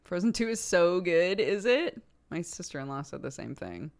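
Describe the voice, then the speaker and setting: A young woman talking to her stream audience in a relaxed, rambling way. Her voice sits fairly low but swings widely in pitch, climbing high when she gets worked up, and she breaks into laughter often. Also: moderate pace. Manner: chatty, animated, laughs often, pitch jumps when excited. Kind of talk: casual chat with viewers.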